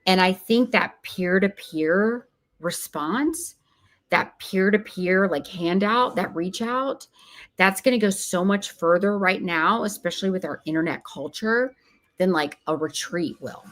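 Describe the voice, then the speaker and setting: A woman's voice: on the low side, unhurried, a bit bright. A woman speaking as an interview guest, earnest and emphatic, sometimes acting out what other people say. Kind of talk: casual interview talk.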